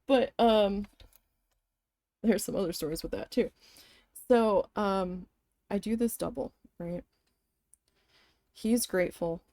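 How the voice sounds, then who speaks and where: A woman's voice: mid-range voice, measured pace, pauses often, dark tone, no echo. A woman chatting casually while she embroiders, telling a long story in a rambling, profane way with lots of fillers. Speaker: craft vlogger.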